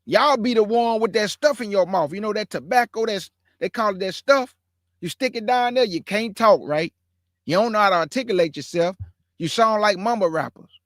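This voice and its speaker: A man's voice: high voice, moderate pace, no echo, clean studio sound. A man hosting his own online show, commenting live to his viewers in an emphatic, repetitive way and stretching out words for effect.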